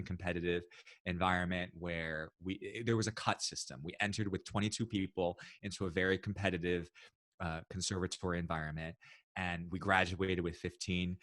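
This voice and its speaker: A man as a podcast guest, telling personal stories in an animated, expressive way. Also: low-pitched, a little fast, dry recording, studio quality. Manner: animated, expressive, acts out quoted voices. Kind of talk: casual storytelling interview.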